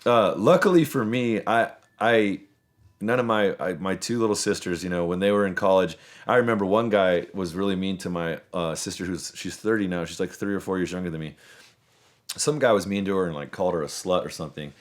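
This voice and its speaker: Man in his thirties, podcast host, low voice, rambling stories, casual swearing. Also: brisk. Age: 30s. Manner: rambling storyteller, swears freely.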